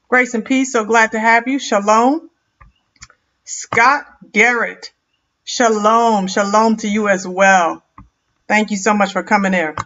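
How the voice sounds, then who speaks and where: A woman hosting a casual live stream, lively and greeting viewers one by one. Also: mid-range voice. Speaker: host. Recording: dull lo-fi stream audio.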